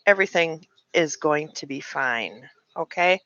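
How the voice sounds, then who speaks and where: A woman's voice: low-pitched, expressive, measured pace, a bit bright, highs cut off. A woman in her late forties chatting frankly to her live-stream viewers, venting and answering comments. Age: 40s. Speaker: livestream host. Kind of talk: casual live-stream chat.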